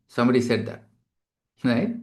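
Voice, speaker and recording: Male doctor, webinar lecturer, mid-pitched, conversational teaching delivery with frequent fillers, computer mic. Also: big pitch swings, moderate pace, a little mellow. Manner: explanatory, many "you know" fillers.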